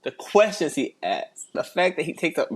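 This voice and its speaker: A husky woman with a strikingly deep voice trades jokes with her co-host. Her pitch rises and falls a lot as she talks. The chat is loose and casual. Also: big pitch swings, moderate pace. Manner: piling on jokes with laughter. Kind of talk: casual banter.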